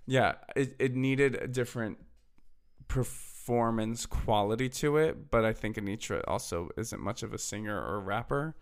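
A man's voice: mid-range voice, moderate pace, smooth. A man co-hosting a podcast, chatting casually, teasing his partner and laughing often. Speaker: podcast co-host. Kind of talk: casual chat.

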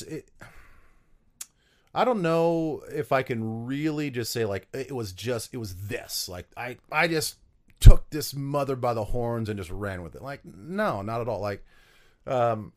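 A man's voice: mid-range voice, expressive, a little slow, long pauses. A man from South Dakota, a former pro football player, telling stories in an interview, rambling with lots of fillers and restarts. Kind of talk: storytelling interview answers.

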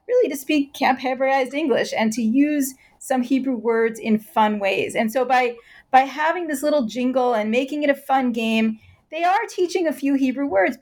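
A woman answering interview questions at length, explaining patiently and turning lively when she imitates chants. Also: high-pitched. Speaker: guest expert.

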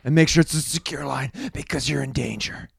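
A man's voice: mid-range voice, fairly quick, creaky, slightly rough, no echo, clean studio sound, full character voice. A man voicing a secretive middle-aged male actor and ex-husband who talks in an urgent, conspiratorial way.

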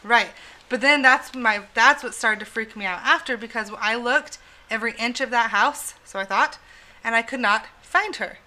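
A woman co-hosting a casual podcast chat, telling a story in an animated way, swearing freely and laughing as she goes. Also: a little high, normal speed, poor audio.

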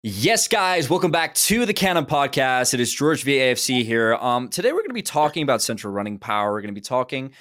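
A man hosting a casual football podcast, chatting with quick laughs and restarts. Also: medium pitch, sing-song, fairly bright tone. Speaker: podcast host.

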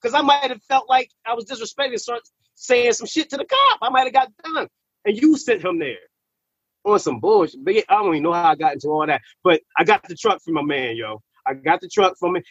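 A man telling a personal story in casual, profane slang, animated and repeating words when he gets worked up. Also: high-pitched, brisk, husky, no room sound. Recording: slightly muffled recording.

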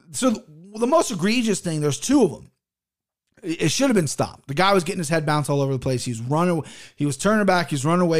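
Blunt, profane man ranting about fights. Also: on the high side. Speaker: podcast host reviewing fights. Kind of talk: casual solo commentary. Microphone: headphones and desk mic.

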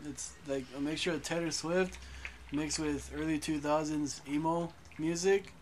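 Easygoing young male co-host, slightly high voice, stammering, faint background noise. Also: steady tone, normal speed, low-quality recording. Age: young adult. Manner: laid-back, stammering, profane. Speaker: podcast co-host. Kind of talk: casual chat.

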